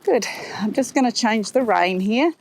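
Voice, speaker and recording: A woman horse trainer explaining her riding aids as she rides, calm and explanatory, with soft praise for the horse in between. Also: a little high, normal speed, noisy background. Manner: talking while riding a horse. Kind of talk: instructional commentary while riding. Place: riding arena.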